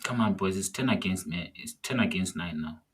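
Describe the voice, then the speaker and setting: A man ranting casually as he watches a football match live, exasperated by the play and shouting at the players and the referee. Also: sits low, fairly quick, slightly rough. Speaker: football fan streamer. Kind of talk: live watch-along commentary.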